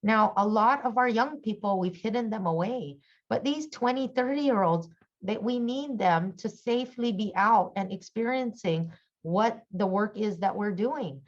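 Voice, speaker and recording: A middle-aged woman speaking as a conference panelist, earnest and halting with many fillers. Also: medium pitch, lively intonation, highs cut off. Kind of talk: conference presentation.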